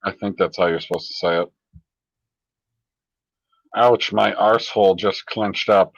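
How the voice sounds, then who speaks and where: A man's voice: low-pitched, fairly even intonation, a little slow, creaky, no echo, dull audio. A man hosting a live stream, reading viewer comments aloud in a casual, sardonic, profane way.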